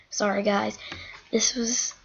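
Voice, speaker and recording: A woman's voice: a little high, creaky, breathy edge. A woman in a casual vlog rant, rambling and agitated as she retells a quarrel. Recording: dull lo-fi home recording.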